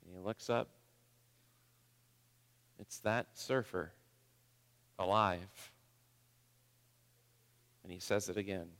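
A man's voice: deep voice, steady tone, slow pace, pauses often, a bit bright. A man preaching a sermon, moving between impassioned appeals, prayer and vivid storytelling. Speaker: pastor. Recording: long hall reverb.

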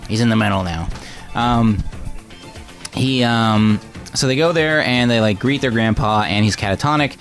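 Animated man retelling a movie. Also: mid-range voice, normal speed, soft background music. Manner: animated storytelling, acting out lines in exaggerated voices. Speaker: podcast host recapping a film. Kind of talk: casual chat.

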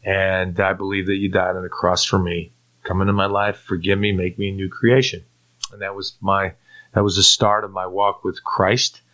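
A man from Turkey tells his conversion story in a low, bright, forceful voice. He is a lively storyteller who acts out what he once said, and he often trips into repeated-word restarts. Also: normal speed. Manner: animated storyteller who acts out his own past lines. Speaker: guest giving a testimony. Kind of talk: personal faith testimony in conversation.

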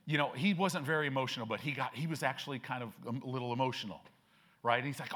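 An older man preaching a sermon in a church, in a mid-pitched voice. He talks casually through personal stories, then builds to firm, emphatic declarations. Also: fast, fairly bright tone. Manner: conversational storytelling, rising to emphatic declarations. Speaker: pastor. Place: church sanctuary.

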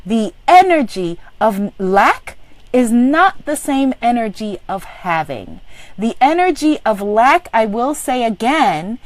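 A woman's voice: fairly high pitch, no echo. A woman leading a live online abundance coaching session, exuberantly affirming and reading out viewers' comments. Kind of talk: live-streamed motivational coaching.

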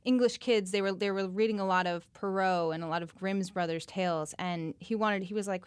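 A woman's voice: mid-range voice, normal speed, hardly any pauses, clean tone, no room sound. A woman co-host explaining background information in a conversational, self-correcting way. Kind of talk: casual explanation.

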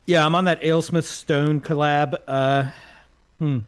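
Joking, profane man, a bit high. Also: fairly even intonation, smooth. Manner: profane, joking, quick laughs. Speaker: podcast co-host. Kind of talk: casual chat over beers.

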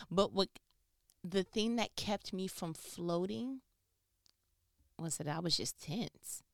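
A woman giving a casual motivational talk into her phone, telling stories animatedly and swinging from loud to hushed. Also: deep voice, gravelly, no room sound, clean studio sound. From New York.

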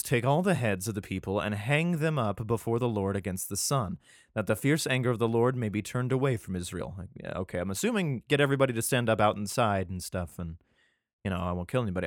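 A man's voice: fairly low pitch, fast, no echo, clean studio sound. A male podcast host reads scripture aloud. He stumbles over words and breaks off for profane, irreverent asides. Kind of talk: casual scripture reading with commentary.

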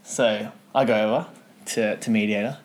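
A man co-hosting a chat show, telling an animated anecdote and often laughing. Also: fairly low pitch, normal speed. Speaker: podcast co-host. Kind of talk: casual storytelling chat.

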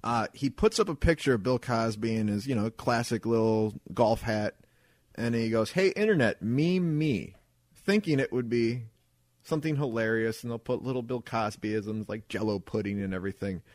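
A man's voice: on the low side, normal speed, no room sound. A man hosting a podcast, telling rambling, crude stories in casual chat and laughing along as he talks. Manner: rambling storyteller, profane and laughing. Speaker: podcast host.

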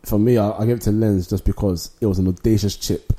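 Podcast co-host, man, quick and emphatic, mellow tone. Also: on the low side, fairly even intonation. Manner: fast, emphatic, laughs often. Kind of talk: casual football chat.

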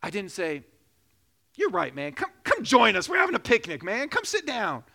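A man in his thirties preaching a sermon, telling a joking personal story, then building to loud, slow emphasis. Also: high voice, huge pitch swings, creaky. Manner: preaching with rising emphasis, slowing for key phrases; jokes and laughs during a personal story. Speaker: pastor.

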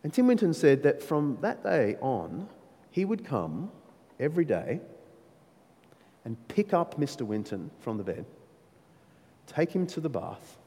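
A man preaching a sermon, emphatic and animated, with playful asides to his listeners. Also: a little high, a little slow, pauses often. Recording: long reverb of a large hall.

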